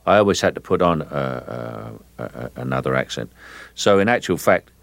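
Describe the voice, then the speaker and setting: A middle-aged man with a Cockney accent, a guest in a radio interview, talking in a halting way with many fillers and restarts. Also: extremely low pitch, expressive, gravelly, no echo. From England.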